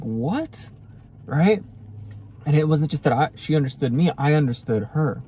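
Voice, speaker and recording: A man's voice: medium pitch, warm tone, husky. Rambling young man telling a story. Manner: rambling, many "like" fillers, acts out quoted dialogue. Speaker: spiritual self-help vlogger. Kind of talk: casual storytelling to camera.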